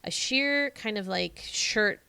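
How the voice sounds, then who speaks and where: A woman in her thirties co-hosting a podcast, casually chatting and telling a childhood story with quick reactions and laughter. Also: mid-range voice, animated, vocal fry, sharp tone, clean tone, no echo. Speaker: podcast co-host. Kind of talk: casual chat.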